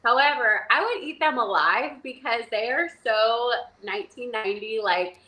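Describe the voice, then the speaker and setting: A woman's voice: on the high side, moderate pace, pushed and bright, low-quality recording. A young woman from North Carolina chatting as an interview guest, full of "like" and acting out little quotes as she tells stories. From Charlotte, North Carolina. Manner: chatty, lots of "like", acts out quotes. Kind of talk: casual interview chat.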